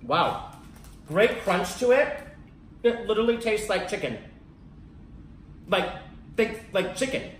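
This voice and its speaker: Woman, snack unboxing vlog, eager and chatty, unhurried pace, roomy echo, faint background noise. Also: mid-range voice, far from the mic. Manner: excitable and chatty. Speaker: snack reviewer. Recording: echoey home room.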